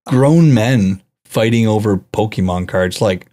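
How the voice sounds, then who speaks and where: A man's voice: fairly low pitch, unhurried, dark tone. A man co-hosting a podcast in casual chat, reading news stories aloud in an easygoing way with fillers.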